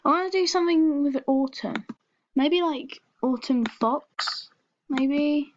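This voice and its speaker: A woman's voice: sits high, slow pace, dry recording. A young woman with an English accent chatting on a call, giggly and hesitant with many ums. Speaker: video host. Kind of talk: casual chat on a call. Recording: lo-fi muffled recording.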